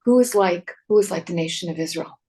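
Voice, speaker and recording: A woman host in casual chat with her guest, responding warmly and thinking out loud. Her voice sits a little low for a woman. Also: fast talker.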